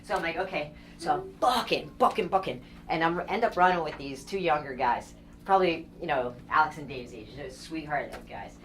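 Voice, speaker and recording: A woman telling a long personal story to a group in a casual, animated way, laughing often as she goes. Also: low voice, a little fast.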